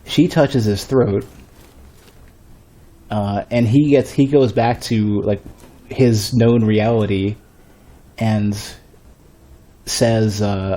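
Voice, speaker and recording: A man's voice: on the low side, fairly even intonation, takes it slowly, long pauses, dark tone. A man streaming a game, thinking aloud and rambling in a casual, self-mocking way. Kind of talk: casual gameplay commentary.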